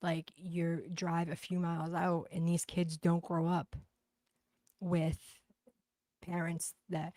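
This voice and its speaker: A woman's voice: fairly low pitch, monotone, takes it slowly, mellow, no echo. A woman with a thick Boston accent chatting bluntly and profanely on a livestream, reading out comments. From Boston, USA. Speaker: livestream host.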